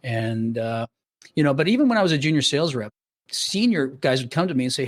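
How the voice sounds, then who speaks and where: A man's voice: medium pitch, lively intonation, quick pace. A middle-aged man with a South Florida accent, a podcast guest telling stories animatedly and acting out dialogue with many restarts. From Canada, raised in Florida. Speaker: podcast guest, sales trainer. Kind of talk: casual interview storytelling.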